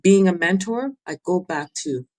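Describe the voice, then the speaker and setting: Earnest low-pitched woman giving advice. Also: lively intonation, normal speed, darkish tone, low-quality recording. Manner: earnest, gives advice in short repeated phrases. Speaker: podcast guest and mentor. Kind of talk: casual interview chat.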